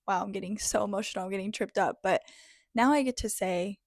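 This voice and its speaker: A woman giving a reflective, motivational self-help talk in an earnest, heartfelt way, pausing often between phrases. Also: medium pitch, dry recording, studio quality. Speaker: spiritual self-help speaker.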